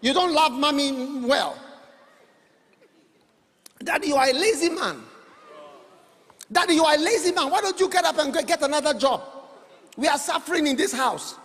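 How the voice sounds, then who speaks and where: A man's voice: very high-pitched, expressive, normal speed, pauses often, a bit bright, in a large hall, pitched above the performer's own voice. A man voicing a cheeky young child who scolds his father in a whiny, accusing tone.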